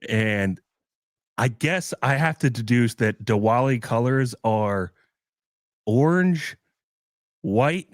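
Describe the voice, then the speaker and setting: A man's voice: medium pitch, expressive, slow pace, long pauses, no echo, clean studio sound. A man co-hosting a podcast in casual chat, a laid-back storyteller who acts out the people in his stories. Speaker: podcast co-host.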